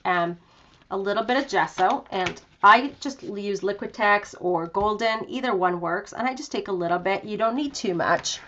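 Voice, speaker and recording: A woman's voice: medium pitch, a bit bright, dull audio, slight background noise. Chatty woman demonstrating a craft project. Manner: chatty, self-deprecating, lots of fillers. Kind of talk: live online craft tutorial. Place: home craft room.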